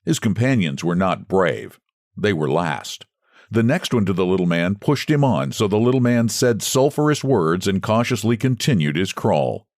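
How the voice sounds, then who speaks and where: Low-voiced man reading a story aloud. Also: normal speed, dry recording, clean studio sound. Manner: expressive storytelling delivery. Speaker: narrator.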